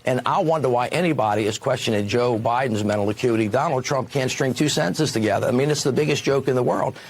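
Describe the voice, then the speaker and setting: A man's voice: mid-range voice, quick pace, a little hiss or hum. Combative male campaign surrogate. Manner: combative, dismissive. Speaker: campaign co-chair. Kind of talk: cable news interview.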